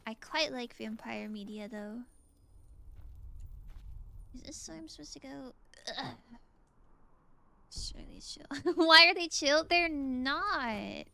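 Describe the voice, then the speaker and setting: Bright, gravelly high-voiced woman streamer. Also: slow pace, long pauses. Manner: relaxed, musing, reads and answers chat. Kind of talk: casual gameplay chat with chat.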